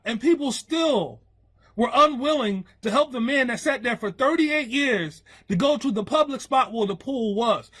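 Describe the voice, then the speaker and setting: A man's voice: very high-pitched, fairly bright tone, husky. A man preaching a sermon in an emphatic, repetitive style.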